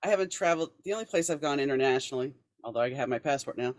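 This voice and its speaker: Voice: medium pitch, expressive, rapid-fire, no room sound. Conversational American podcast host, dry sound. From New Orleans, United States. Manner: conversational, rambling with restarts. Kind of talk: casual interview chat.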